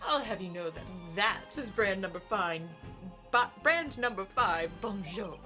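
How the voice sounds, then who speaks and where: A woman voicing a vain, flamboyant male aide who talks in a haughty, theatrical, drawn-out way. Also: medium pitch, expressive, sharp tone, faint music behind. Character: vain flamboyant man, perfume-obsessed aide.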